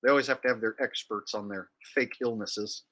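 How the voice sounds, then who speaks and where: A man talking in a casual comedic monologue with a deadpan, mock-serious tone. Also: fairly low pitch, fairly quick. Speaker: comedian, impressionist.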